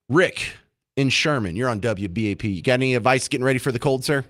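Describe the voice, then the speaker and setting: A man's voice: medium pitch, fast talker, a bit bright, no room sound, studio quality. A man hosting a talk radio show, casual and sarcastic, given to self-deprecating jokes.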